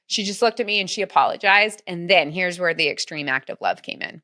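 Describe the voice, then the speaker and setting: A woman's low-ish, bright voice comes across forceful and a little fast. As a podcast guest, she shares a personal story earnestly in conversation, filling it with plenty of "like."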